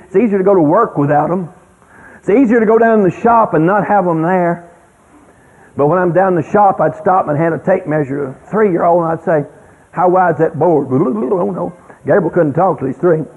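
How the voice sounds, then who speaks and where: A man telling a lively story about raising kids, acting out scenes and shouting the quoted lines. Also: high voice, breathy edge. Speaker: speaker on parenting. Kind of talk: folksy storytelling talk. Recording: phone-like lo-fi radio broadcast.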